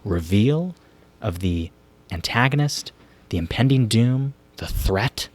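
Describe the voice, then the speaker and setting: A man's voice: on the low side, lively intonation, takes it slowly. A man hosting a movie podcast in casual chat, emphatic and repeating his points. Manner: emphatic, repetitive questioning. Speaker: podcast host.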